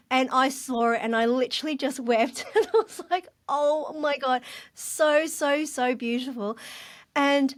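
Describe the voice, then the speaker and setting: Animated woman telling a story. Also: a little high. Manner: animated, laughing, gushing. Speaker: podcast guest. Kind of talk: casual storytelling.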